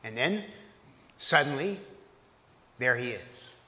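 A man's voice: medium pitch, animated, takes it slowly, pushed and bright, long reverb tail. A man preaching a sermon at a church service, telling the story in a conversational way and putting questions to his listeners.

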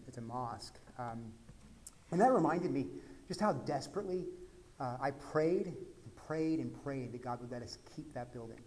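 With a medium-pitched voice and a touch of background noise, a pastor from Texas delivers a conversational sermon. It swings between hushed asides and loud, emphatic peaks.

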